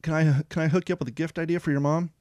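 A male podcast host talking in a chatty, rambling way and pitching offers with sales energy. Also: steady tone, very fast, a little mellow, dry recording, studio quality. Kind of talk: casual podcast chat and ad reads.

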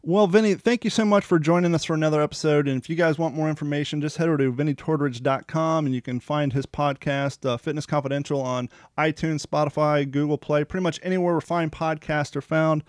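Host: rambling, salesy man, slightly high voice, dry close mic. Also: fairly even intonation, fast, hardly any pauses, dry recording. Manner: chatty, rambling, sales-pitch energy. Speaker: podcast host. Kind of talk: casual podcast chat and ad reads.

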